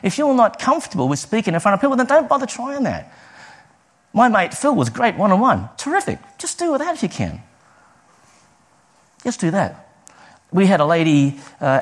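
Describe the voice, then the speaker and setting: A man preaching a sermon, telling personal stories with lively delivery and acting out the people he quotes. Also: fairly high pitch, moderate pace, long pauses. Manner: lively storytelling, acts out quoted voices.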